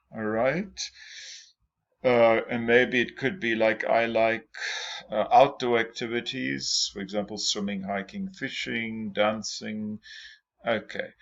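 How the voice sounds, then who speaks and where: A man's voice: lowish voice, expressive, unhurried, vocal fry. A man teaching an English class, patiently repeating example sentences and questions for his students. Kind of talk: classroom lesson explaining exam tips. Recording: dull lo-fi lecture recording.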